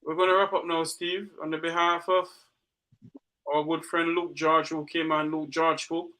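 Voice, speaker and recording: A man's voice: a little high, level tone, normal speed, sharp tone. A Jamaican man hosting a talk show, speaking with passion and asking rhetorical questions, close to tears. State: near tears. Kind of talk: emotional talk show monologue.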